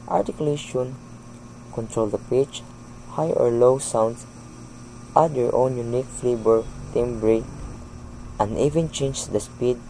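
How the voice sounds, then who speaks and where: Young man with mellow dark voice. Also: mid-range voice, slight background noise, low-quality recording. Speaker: student presenter. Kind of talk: explaining in a class presentation.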